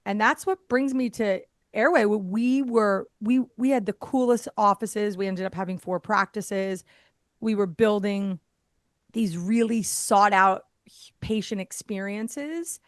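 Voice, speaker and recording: A woman appearing as a podcast guest, an airway therapist, tells a story in a lively, casual way, laughing often and acting out what other people said. Her voice is mid-range and slow, on a dry recording.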